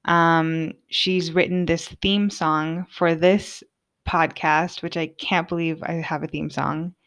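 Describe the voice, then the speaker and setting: A woman's voice: deep voice, level tone, slow, a bit bright. Heartfelt young woman hosting a podcast. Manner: casual, heartfelt, lots of "like". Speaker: podcast host. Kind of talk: personal monologue.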